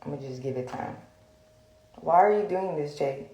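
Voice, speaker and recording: A woman's voice: sits low, moderate pace, warm tone. A woman ranting straight to her phone camera, blunt and profane, rambling with lots of fillers. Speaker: social media vlogger. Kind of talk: heated direct-to-camera rant. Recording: echoey room.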